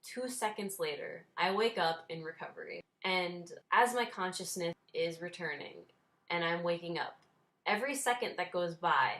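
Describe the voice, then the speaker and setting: A young woman in her twenties talks straight to her viewers in a relaxed vlog. Her voice sits a little low, and her tone stays wry and self-mocking, with small laughs slipped in. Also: normal speed. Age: 20s. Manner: wry, self-deprecating, laughs while telling. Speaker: vlogger. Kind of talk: casual storytelling vlog.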